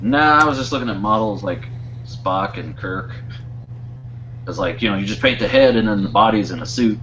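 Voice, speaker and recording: A man's voice: on the low side, normal speed, a bit bright, highs cut off, a little hiss or hum. A man co-hosting a podcast in casual chat, meandering through his thoughts and losing his train of thought. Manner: meandering, wanders off mid-thought. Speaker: podcast co-host.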